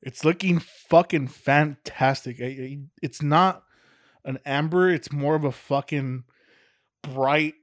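A man's voice: fairly high pitch, fairly even intonation, slow, no echo, clean studio sound. A man co-hosting a podcast, chatting casually about beer, loose and jokey with a lot of swearing. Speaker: podcast co-host. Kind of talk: casual beer-tasting chat.

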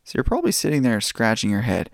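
A man hosting a podcast and telling stories in a relaxed, casual way. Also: medium pitch, quick pace, gravelly, dry recording. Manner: relaxed storytelling. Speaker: podcast host.

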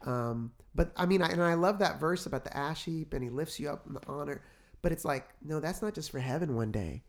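A man co-hosting a faith-based chat, retelling his experiences in an animated, storytelling way. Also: a little high, fairly quick. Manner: animated storyteller, gets excited retelling events.

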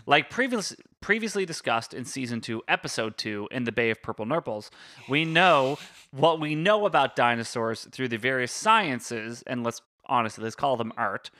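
A man's voice: mid-range voice, animated, normal speed, bright, forceful tone, dry recording. A man co-hosting a podcast, walking through a topic in casual chat and often stopping to correct his pronunciation of big words. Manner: explains step by step, stumbles over and corrects big words. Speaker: podcast co-host presenting the topic.

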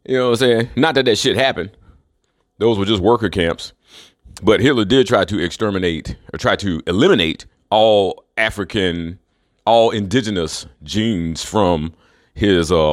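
A man's voice: deep voice, moderate pace, no room sound, studio quality. A man rambling through a profane, scornful monologue, chuckling between remarks.

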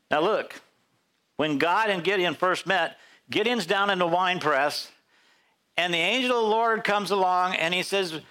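A male pastor preaching a sermon in church, telling Bible stories in an animated way and acting out the characters' voices. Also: high-pitched, normal speed.

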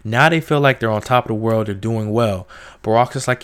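A man's voice: fairly low pitch, fairly quick, smooth. Slangy young man reviewing a book. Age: young adult. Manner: animated, slangy, acts out quotes in raised voices. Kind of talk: casual spoken book review.

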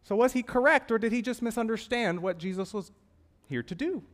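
A male pastor preaching a sermon, asking rhetorical questions and swinging between emphatic, loud lines and hushed ones. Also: sits high, fairly quick.

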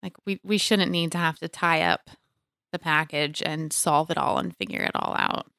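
A woman's voice: sits low, moderate pace, creaky, fairly bright tone, clear, resonant tone, no room sound, clean studio sound. A young adult woman hosting a casual faith podcast, talking in an earnest, chatty way with many fillers. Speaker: podcast host.

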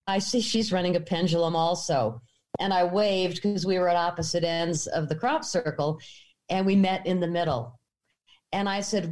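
A middle-aged woman from the United States recounts a personal experience. She tells it with animation, jumping in pitch whenever she acts out what people said. Her voice sits in a middle range. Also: a little mellow. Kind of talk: personal storytelling.

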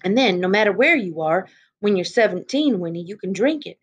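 Earnest rural teen boy, quick and urgent; woman narrator. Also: medium pitch, lively intonation, lo-fi sound, close to an everyday voice. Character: hurried country teenage boy Jessie.

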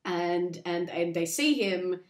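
A woman hosting a podcast, chatting casually and rambling as she recaps a film, acting out the characters in quick asides. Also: on the low side, reverberant. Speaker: podcast host.

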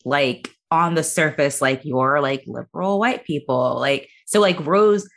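A woman hosting a casual movie review podcast, talking with animated swings into playful impressions. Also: measured pace. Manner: animated, slips into high-pitched impressions. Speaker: podcast host.

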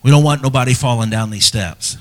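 A middle-aged male pastor preaching in a church, voice at an ordinary middle pitch for a man. He talks earnestly and personally to the fathers in the pews, pushing some lines out loud and dropping others to a hushed near-whisper. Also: fairly quick. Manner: dynamic delivery, swinging from loud emphasis to hushed near-whispers. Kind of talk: sermon.

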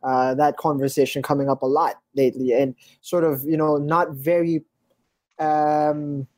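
A podcast host based in the Philippines asks long, searching questions, stumbling and restarting as the thought forms. The voice sits in a middle pitch. The sound is dry and close. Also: little pitch movement, darkish tone, no echo. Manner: halting, with frequent restarts. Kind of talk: conversational interview questions.

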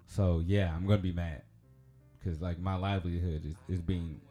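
A low-voiced man with a twang rambles through a personal story on a casual podcast. His voice is dark and mellow, and he fills it with ums and likes. Faint background music sits behind him. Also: fairly even intonation, moderate pace. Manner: rambling, chatty, laughs often, lots of fillers. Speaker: podcast host.

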